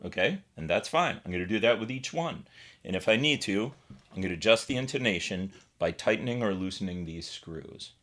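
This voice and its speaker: A man's voice: lowish voice, expressive, brisk, a bit bright. Casual American man explaining guitar setup. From United States. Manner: chatty and informal, explaining step by step while working on a guitar. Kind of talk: casual tutorial demonstration.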